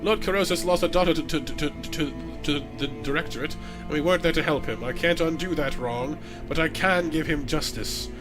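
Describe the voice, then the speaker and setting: A man's voice: on the high side, brisk, over music, natural voice. A man voicing a resolute young noblewoman who leads her people, speaking earnestly and firmly. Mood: stern resolve. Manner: earnest, firm and commanding.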